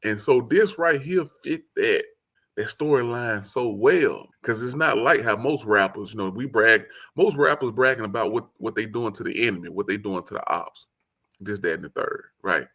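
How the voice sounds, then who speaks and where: A man with a Southern accent hosts a solo album review in an easy, excitable way. His voice sits a bit low, with a gravelly rasp. He rambles and circles back as he talks. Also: moderate pace. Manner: excitable, rambling, quotes lyrics in song voice. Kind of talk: casual solo commentary.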